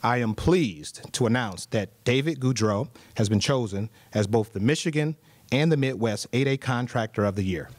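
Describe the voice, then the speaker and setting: A government official giving a formal award speech, upbeat, reading prepared remarks with small asides. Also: male voice, mid-range voice, animated, normal speed, slight background noise. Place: conference hall.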